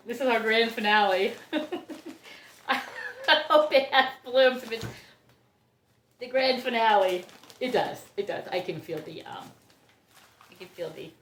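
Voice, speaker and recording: A woman's voice: fairly high pitch, animated, a little slow, pauses often, roomy sound, slight background noise. A woman from Ohio, chatting casually as she unboxes plants, gushing, laughing often and gasping with delight. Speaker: orchid grower and vlogger.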